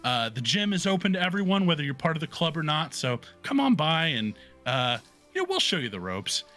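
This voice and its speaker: An excitable young dwarf woman who recruits for the gym club, put on by a man. Her pushy, upbeat voice sits high and bright, and it swings widely in pitch. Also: a little fast, faint music behind. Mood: hyped.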